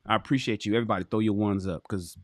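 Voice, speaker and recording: Talking very fast in a lowish voice, a man reads a relationship book aloud on his livestream. The sound is studio quality with no echo, and he cuts away into blunt, profane, animated rants aimed straight at viewers.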